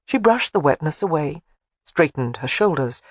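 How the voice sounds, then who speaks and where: An audiobook narrator reading a historical romance with expressive storytelling. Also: mid-range voice, normal speed, dry recording, studio quality.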